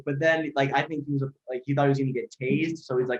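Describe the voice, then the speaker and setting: Fast-talking man, rambling and profane. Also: medium pitch, steady tone. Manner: rapid, rambling, heavy filler and profanity. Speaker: podcast guest, chef. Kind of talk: casual storytelling. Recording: lo-fi dull audio.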